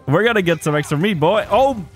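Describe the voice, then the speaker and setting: Excitable laughing gamer guy. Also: high-pitched. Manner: excitable, laughs a lot, exclaims at the game. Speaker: gaming video host. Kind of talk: casual let's-play commentary.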